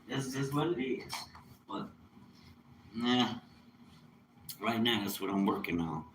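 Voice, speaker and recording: A man holds forth on a casual livestream, rambling from point to point with emphatic, sermon-like stretches. His voice sits at an ordinary middle pitch for a man. A faint hum runs under his talk. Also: sing-song, unhurried, long pauses, fairly bright tone, poor audio. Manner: rambling, emphatic, preachy at times. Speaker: livestream host, mobile mechanic.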